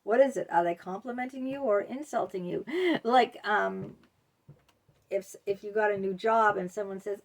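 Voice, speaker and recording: Rambling, gravelly-voiced woman vlogger. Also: medium pitch, normal speed. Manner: rambling, full of ums and you-knows. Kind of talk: casual talk to camera.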